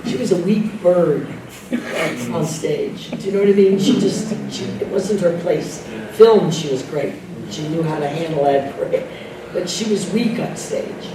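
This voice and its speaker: A woman's voice: sits low, unhurried. Older lady spinning stories, laughs a lot, does voices, echoey room from far off with noise. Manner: animated, laughing, mimics others in quotes. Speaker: guest actress. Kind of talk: anecdotal storytelling Q&A. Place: club room with live audience. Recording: echoey room, distant mic, background noise.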